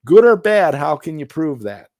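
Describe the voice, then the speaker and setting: A man's voice: fairly high pitch, big pitch swings, moderate pace, a little mellow, no echo, clean studio sound. A man hosting a casual live stream, rambling through his points with many restarts and greeting viewers in the chat.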